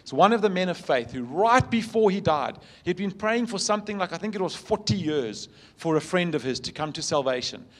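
A pastor delivering a sermon in a fairly high male voice. He tells stories earnestly and leans on repetition for emphasis. He moves between loud, stressed lines and hushed, tender ones. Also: animated, brisk, few pauses. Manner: swings from loud emphasis to soft, quiet passages.

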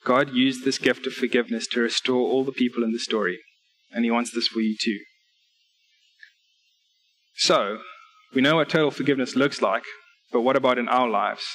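A man's voice: medium pitch, steady tone, normal speed, pauses often, a bit bright, low-quality recording. Man, preacher, church sermon, earnest, direct appeals, numbered points, scripture readings.

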